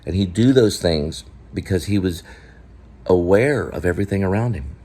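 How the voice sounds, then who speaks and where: A man vlogging about acting technique, rambling and asking the viewer quick questions. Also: deep voice, warm tone, slightly rough. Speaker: vlogger and actor teaching acting. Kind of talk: casual acting talk to camera.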